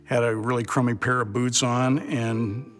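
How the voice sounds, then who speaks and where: A man's voice: mid-range voice, level tone, normal speed, faint music behind. A man recalling a story in a casual, laid-back way for a documentary interview.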